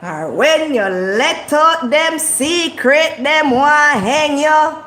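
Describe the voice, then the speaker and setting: A high-pitched woman talks slowly and passionately to her viewers, driving her points home through repetition. Her preachy delivery rings out in a room with a noticeable echo. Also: lively intonation, fairly bright tone, a little hiss or hum. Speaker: vlogger. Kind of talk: casual motivational talk. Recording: echoey room.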